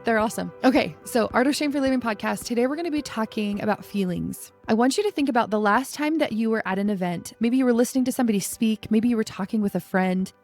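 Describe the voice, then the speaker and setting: A woman's voice: on the high side, quick pace, hardly any pauses, a little mellow, faint music behind. A middle-aged woman hosting her own podcast, talking in a casual, reflective way and often saying "like". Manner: casual, reflective, conversational with frequent "like". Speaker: podcast host and coach. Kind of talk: solo podcast talk.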